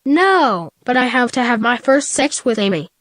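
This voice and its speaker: A woman's voice: on the high side, big pitch swings, moderate pace, fairly bright tone, no echo, studio quality. A woman voicing an anxious young male hedgehog student in a plain, earnest delivery.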